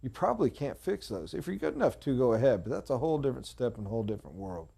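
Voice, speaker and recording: A man giving a motivational sales training talk, emphatic, repeating short punchy phrases and swinging from quiet and low to loud and high. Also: very animated, very fast, vocal fry, breathy edge.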